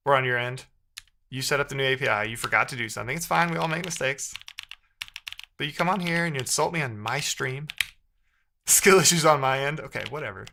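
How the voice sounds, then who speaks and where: A man's voice: medium pitch, vocal fry, pushed and bright, a little hiss or hum. A man live-streaming himself debugging code, thinking aloud and trading sarcastic banter with his chat. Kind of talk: casual live-stream coding commentary.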